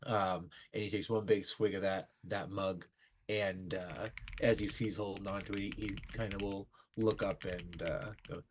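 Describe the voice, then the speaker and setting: A man narrating as game master, halting with many fillers. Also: low voice, steady tone, a little hiss or hum.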